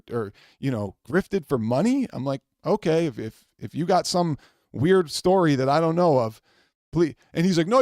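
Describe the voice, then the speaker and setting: A man's voice: a little high, a little mellow, no room sound, clean studio sound. A man hosting his own channel, telling a story in a rambling, repetitive way that grows heated and incredulous. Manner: rambling, repeats words, gets heated and incredulous. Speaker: channel host. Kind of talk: casual storytelling rant.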